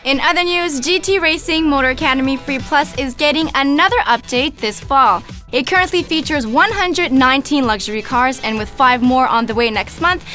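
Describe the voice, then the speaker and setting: A woman's voice: high-pitched, normal speed, hardly any pauses, bright, forceful tone, faint music behind. A young woman co-hosting a podcast, reading news from a script with dry, teasing banter. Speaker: podcast co-host.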